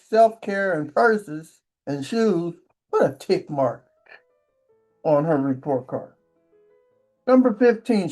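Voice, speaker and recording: A man's voice: fairly high pitch, a little mellow. A man hosting a relationship advice monologue, telling rambling stories and often tagging lines with a rhetorical question. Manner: rambling storyteller, keeps asking "right?". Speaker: channel host.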